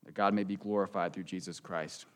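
Man, pastor, sermon, church, low voice, smooth resonant tone, earnest conversational delivery. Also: steady tone, fairly quick.

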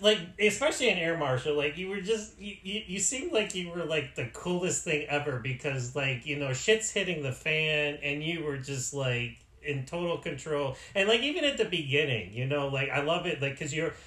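A man's voice: a little high, animated, normal speed, bright, forceful tone, echoey room. A man hosting a podcast, talking casually and enthusiastically with lots of fillers. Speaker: podcast host. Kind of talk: casual chat.

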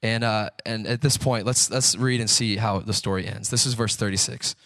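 A man's voice: fairly low pitch, fairly even intonation, moderate pace, fairly bright tone, no echo. A man preaching a sermon in a conversational way, asking rhetorical questions and acting out the quotes he tells. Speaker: pastor.

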